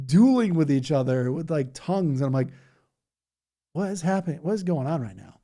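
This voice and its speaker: Speaking quickly in a fairly high, mellow voice, a man streams live and chats with viewers about their comments, rambling and laughing while mocking things with ridiculous impressions.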